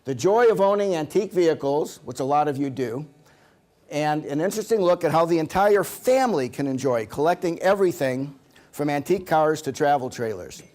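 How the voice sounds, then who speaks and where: A man presenting a seminar to a live audience, a joking storyteller who slips into acted quotes. His voice sits a bit higher than most men's. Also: lively intonation, a little fast, a little mellow. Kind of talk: humorous seminar talk.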